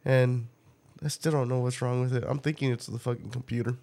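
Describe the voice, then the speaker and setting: A man hosting a podcast, telling a story in a loose, profane, animated way and often breaking into laughter. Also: medium pitch, brisk. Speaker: podcast host. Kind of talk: casual storytelling chat.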